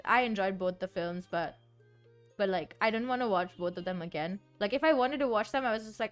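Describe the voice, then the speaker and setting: A woman's voice: mid-range voice, animated, fast talker. A young woman streamer chatting casually and rambling, often giggling and saying "like". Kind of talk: casual chat while composing music. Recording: faint background music. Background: soft background music.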